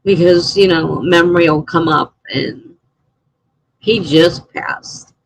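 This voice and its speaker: A middle-aged woman talks casually to her live-stream chat, answering messages and laughing often. Her voice is gravelly and a little husky. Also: lowish voice, slow pace, dry recording, rough recording.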